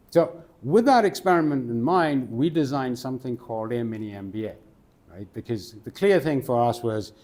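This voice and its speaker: A man giving a conference talk in a conversational storytelling way, asking the audience questions as he goes. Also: medium pitch. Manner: animated, asks the audience questions. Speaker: conference speaker. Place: conference stage.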